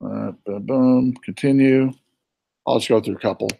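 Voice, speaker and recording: Relaxed Southern-accented male instructor. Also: mid-range voice, moderate pace, vocal fry. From born in New York, raised in the US South. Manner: relaxed and chatty, with fillers and asides. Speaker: college instructor. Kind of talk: casual screen-share walkthrough.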